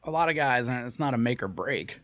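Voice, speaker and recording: A man co-hosting a crude comedy podcast, teasing and provocative, dropping low and quiet when he muses. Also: brisk, no echo. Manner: teasing, provocative, deadpan jokes. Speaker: podcast co-host. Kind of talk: crude casual chat.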